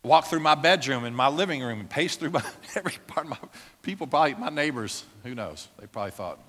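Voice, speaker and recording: A man preaching a sermon as a pastor, with impassioned prayer that builds toward shouting. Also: medium pitch, lively intonation, fast talker. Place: church. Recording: long reverb of a church hall.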